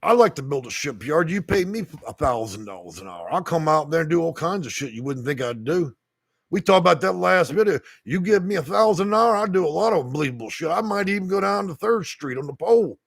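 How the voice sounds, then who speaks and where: Gravelly, heated man ranting. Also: a little high, animated, fairly quick, no echo. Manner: heated, profane, street talk with laughs. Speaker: housing consultant, livestream host. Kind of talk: angry livestream rant reading chat.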